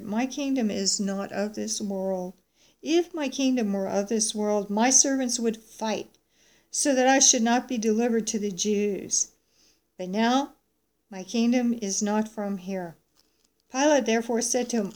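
A woman reading a Bible passage aloud and adding her own commentary. She slows down and stresses the quoted lines, and corrects herself in her asides. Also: a little high, darkish tone. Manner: slow, emphatic reading of quoted speech; pauses to self-correct in asides. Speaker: Bible teacher.

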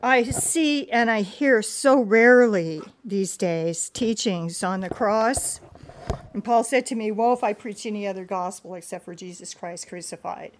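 A woman's voice: medium pitch, normal speed, few pauses, slight background noise. A woman preacher who prays with earnest, fervent repetition and then reads scripture aloud with dramatic emphasis. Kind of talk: prayerful sermon and scripture reading.

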